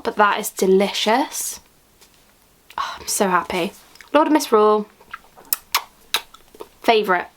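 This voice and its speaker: Gushing woman with a slightly gravelly voice. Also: medium pitch. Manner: gushing, excitable, drops into whispers when thrilled. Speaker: beauty vlogger. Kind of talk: unboxing vlog, casual chat.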